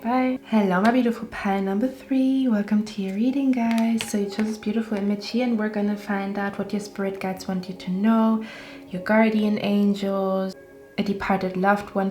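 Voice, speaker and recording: A woman's voice: mid-range voice, fairly even intonation, normal speed, a little mellow. A woman giving a casual tarot reading, chatty and reassuring, often checking in with "okay?". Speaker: tarot reader. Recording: roomy echo with faint music.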